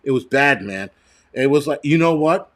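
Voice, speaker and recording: A man's voice: mid-range voice, expressive, normal speed, fairly bright tone. A man hosting a live stream, telling a long crude story full of swearing and reading viewer comments as he goes. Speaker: host.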